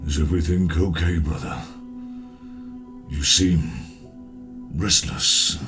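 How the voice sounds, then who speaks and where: A man voicing a hulking grey male orc who speaks with slow, subdued regret to his brother. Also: extremely low pitch, fairly bright tone, faint music behind, exaggerated voice. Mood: concerned.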